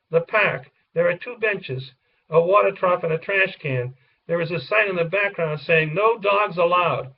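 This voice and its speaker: A man's voice: high voice, creaky, husky. A man reading the stage directions of a children's play aloud in a plain way. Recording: distant, dull lo-fi recording.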